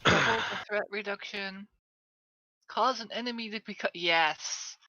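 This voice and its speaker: A woman playing a tabletop game, speaking quietly and hesitantly. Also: mid-range voice, measured pace, dry recording, lo-fi sound. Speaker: player. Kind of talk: casual talk at a game table.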